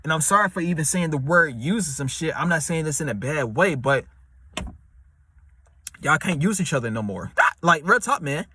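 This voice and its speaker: A man giving relationship advice in a casual, slangy monologue, repeating himself and now and then putting on high voices for people he quotes. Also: expressive, moderate pace, sharp tone, breathy edge. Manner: slangy, repetitive, street-talk delivery. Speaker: advice vlogger.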